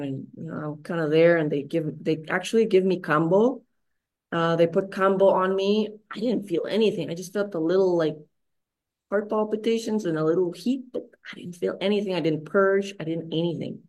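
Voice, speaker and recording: Candid woman with a low voice. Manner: raw, frank, swearing, many fillers and restarts. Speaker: podcast guest. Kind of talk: candid personal storytelling.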